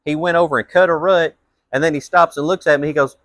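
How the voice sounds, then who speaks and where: A man's voice: a little high, steady tone, quick pace, a bit bright, dry recording. A man telling a blunt, profane story as a rant, his voice jumping up into heated outbursts. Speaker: vlogger.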